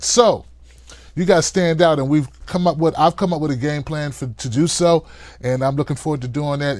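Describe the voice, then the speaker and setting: A man hosting a live-stream call-in show, talking in a hyped, playful way and hollering shout-outs to viewers. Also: high voice, dry recording.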